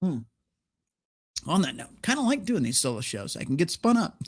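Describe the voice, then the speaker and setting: A man hosts his solo livestream, ranting hard with heated, profane emphasis. His voice sits on the higher side, and the sound is close and dry with no room echo. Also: big pitch swings, normal speed, husky. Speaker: livestream host. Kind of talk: solo livestream rant and chat reading.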